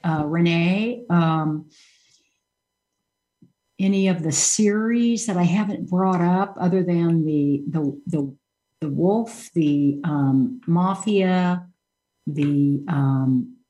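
A woman hosts a relaxed chat show, speaking slowly in a lowish voice. She rambles with frequent ums and restarts. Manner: chatty, many ums and restarts. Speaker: show host. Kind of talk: casual interview chat.

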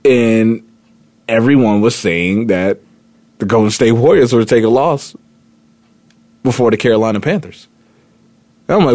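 A man's voice: mid-range voice, darkish tone, no room sound. A man hosting a sports talk radio show, chatting casually and rambling with lots of fillers and restarts. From Indiana.

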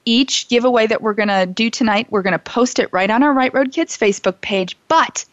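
A woman hosting a live show, reading shout-outs and running giveaways in a gushing, emotional way. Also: fairly high pitch, a little fast, no room sound, dull audio. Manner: warm, gushing, emotional at times. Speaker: radio show host.

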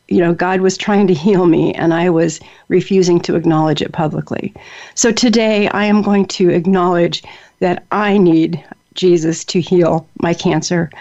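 A woman's voice: lowish voice, darkish tone. A woman hosting a talk show, speaking in an earnest, personal way with fillers and restarts. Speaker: host. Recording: dull lo-fi sound.

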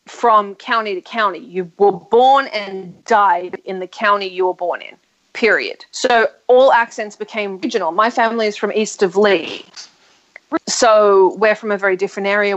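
A woman's voice: mid-range voice, a bit bright. An Australian woman in casual chat, opinionated and talkative, laughing often. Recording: dull lo-fi sound.

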